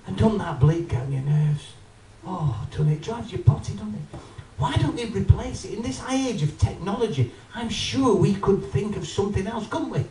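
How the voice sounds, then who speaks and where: A man doing an animated stand-up routine, talking straight to a live audience. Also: high-pitched, normal speed, slight background noise. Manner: animated, addresses the audience, acts out voices. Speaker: stand-up comedian. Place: live comedy venue with audience. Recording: roomy live venue, mic from a distance.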